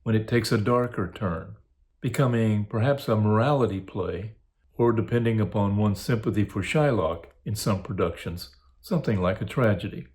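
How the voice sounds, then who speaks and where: A man giving a recorded lecture as a course instructor, in a measured, academic way. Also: lowish voice, a little mellow.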